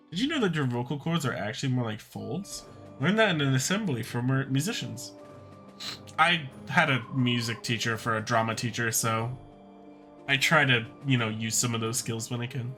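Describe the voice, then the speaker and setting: Animated young man joking over a game. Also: mid-range voice, moderate pace, faint music behind. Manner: joking, self-mocking. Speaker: let's-play host. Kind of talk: casual gaming commentary.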